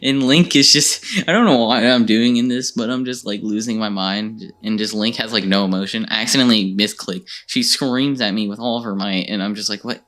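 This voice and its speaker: A man casually recapping his video game session, rambling and animated, laughing often as he tells it. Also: on the low side, brisk, few pauses. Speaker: gaming channel host.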